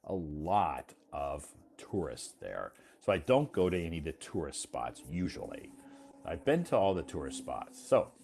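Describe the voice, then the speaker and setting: An American man speaks in a very deep voice. He hosts a casual, friendly chat, slowing down and repeating things back so the other person can follow. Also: darkish tone. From United States. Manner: friendly, slow and encouraging, repeats to clarify. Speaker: host.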